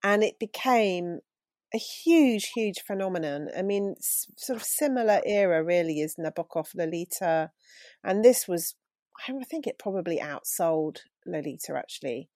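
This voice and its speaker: Woman, lower register, dry close sound; thoughtful, self-deprecating book talk. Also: lively intonation, normal speed, darkish tone, no room sound. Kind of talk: casual book chat.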